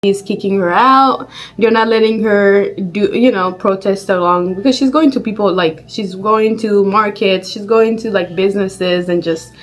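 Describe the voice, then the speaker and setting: A woman's voice: medium pitch, normal speed, low-quality recording. A woman casually commenting on video clips, chatty and rambling with lots of fillers. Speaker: reaction video host.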